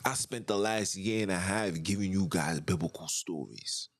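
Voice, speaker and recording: A man's voice: deep voice, normal speed. A man hosting a podcast, delivering an emphatic, ranting monologue full of rhetorical questions. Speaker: podcast host. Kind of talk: impassioned monologue.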